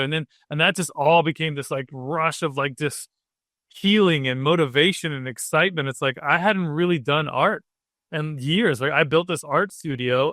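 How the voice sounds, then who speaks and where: A man's voice: a little high, pushed and bright, no room sound, studio quality. A man in his late thirties, a cartoonist guest, telling a personal story in a rambling, emotional way full of "like" and restarts. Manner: rambling, emotional, many fillers. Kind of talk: casual interview chat.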